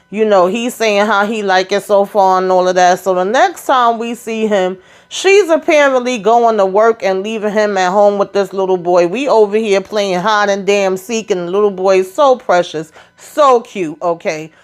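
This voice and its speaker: A woman hosting a casual reality TV recap, animated and sassy, acting out what the cast members said. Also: medium pitch, normal speed, clear, resonant tone.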